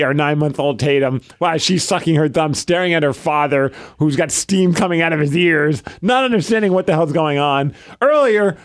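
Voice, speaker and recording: A man's voice: on the high side, a little fast, dry recording, studio quality. A man in his thirties, a podcast co-host, telling a story in casual chat and acting out the lines he quotes. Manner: animated storytelling, acts out quotes.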